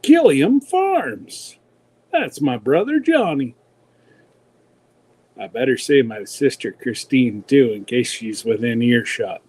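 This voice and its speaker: A man hosts a relaxed livestream chat, unhurried and folksy. His voice sits in a middle register. He greets viewers by name with easy chuckles. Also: mid-range voice, husky. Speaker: livestream host.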